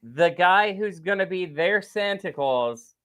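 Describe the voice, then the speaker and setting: Guy guesting on a podcast, slightly high voice, totally gushing about the stuff he loves, laughs a lot. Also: lively intonation, takes it slowly, a bit bright, clean tone. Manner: enthusiastic, laughing, gushing fan talk. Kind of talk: casual chat.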